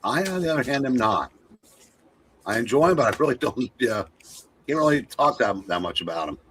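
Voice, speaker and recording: A man's voice: mid-range voice, very animated, fairly quick, fairly bright tone, slight background noise. A tired man chatting casually as co-host, rambling and hesitant, yawning now and then. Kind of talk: casual chat.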